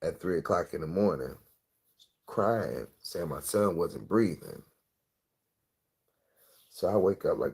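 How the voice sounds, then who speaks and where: A middle-aged man tells a personal story casually, swearing freely and acting out what people said. His voice is low and husky, with a rough grain to it. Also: slow pace, pauses often. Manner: animated, profane storytelling with acted-out quotes.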